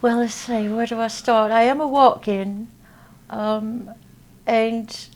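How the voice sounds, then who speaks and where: A woman from Texas, a guest in an interview, talking in a halting way with many fillers. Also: on the high side, steady tone, a little mellow. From Texas, USA. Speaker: interview guest, spiritual healer. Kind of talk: casual interview talk. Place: at a convention.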